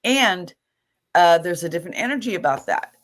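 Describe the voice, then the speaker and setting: A woman's voice: fairly low pitch, lively intonation, moderate pace. A middle-aged woman, an image stylist, telling her story in a casual interview, laughing often and acting out the voices of people she quotes.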